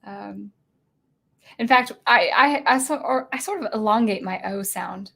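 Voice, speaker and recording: A woman's voice: medium pitch, unhurried, creaky, pushed and bright. A young woman from Washington state hosting a casual livestream, chatting in a rambling way with many fillers and restarts. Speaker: livestream host.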